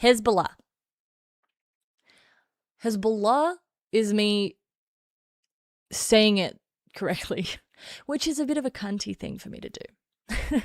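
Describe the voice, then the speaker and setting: A woman's voice: mid-range voice, expressive, measured pace, pauses often, no echo, studio quality. An Australian woman doing casual political commentary on a stream, blunt and sarcastic, often laughing.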